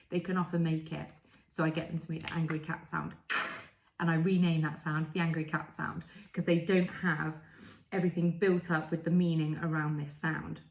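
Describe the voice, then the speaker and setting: A woman explaining and slowly demonstrating speech sounds as a speech therapist. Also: lowish voice, vocal fry. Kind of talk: instructional explainer. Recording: echoey room.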